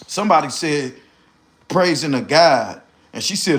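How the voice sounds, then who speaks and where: A man roasting people on his livestream, animated and loud at times. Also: a little high, a little slow. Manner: animated, shouting impressions. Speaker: streamer host.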